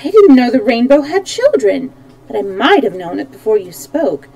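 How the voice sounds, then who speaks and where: A kind young girl in a storybook, speaking gently and eagerly in a lifted, girlish voice, as a woman reads her. The tone stays mellow and soft rather than bright. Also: a little high, big pitch swings, moderate pace, creaky, no room sound. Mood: gentle eager. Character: young girl Dorothy, kind and plain-spoken. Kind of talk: storybook read-aloud.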